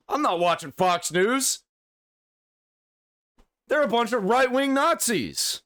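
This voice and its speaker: Animated ranting male reaction host. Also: very high voice, slow. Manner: exasperated, profane, animated ranting. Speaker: commentary host reacting to a video. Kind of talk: reaction commentary.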